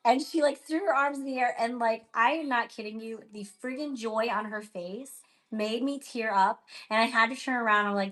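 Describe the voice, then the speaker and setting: A woman co-hosting a pin sale livestream, chatting casually, bubbly and quick to laugh. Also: a little high, fairly bright tone. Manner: bubbly, laughs often, emotional. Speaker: co-host of pin sale stream. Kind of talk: casual chat.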